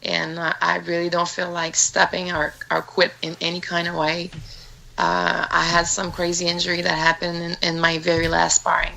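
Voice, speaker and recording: Gravelly, low-pitched Canadian woman. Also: completely flat delivery, normal speed, sharp tone, low-quality recording. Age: 30s. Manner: earnest, frequent restarts and repeated words. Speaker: guest fighter. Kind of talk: casual interview talk.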